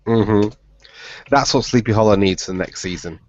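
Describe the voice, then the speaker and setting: A man of middle pitch co-hosting a casual podcast, sarcastic and emphatic, with frequent laughs. The sound is dry and close. It is a little dull, like lo-fi podcast audio. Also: normal speed, no echo. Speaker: podcast co-host. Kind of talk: casual chat.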